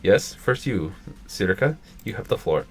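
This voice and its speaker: A man reading aloud in close to his own low voice as a strict, serious schoolgirl treasurer who runs a meeting. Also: big pitch swings, moderate pace, slightly rough, faint music behind. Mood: stern. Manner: firm, exasperated, businesslike.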